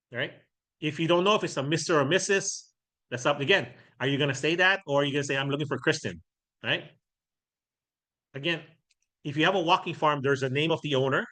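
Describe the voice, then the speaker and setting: Bright-voiced man teaching a workshop. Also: medium pitch. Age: middle-aged. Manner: conversational, keeps checking in with "right?"; acts out sample doorstep lines. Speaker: real estate trainer.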